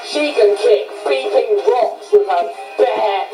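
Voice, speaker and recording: A man's voice: sits high, slow, echoey room, over music, rough recording. A young man giving a sarcastic, exclaiming review of a video game. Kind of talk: casual game review commentary.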